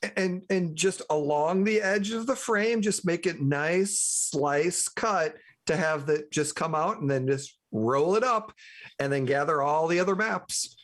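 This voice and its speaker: A man's voice: fairly high pitch, unhurried, fairly bright tone. A man playing a tabletop game, talking in a laid-back, offhand way. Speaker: player. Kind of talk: casual chat at a game table.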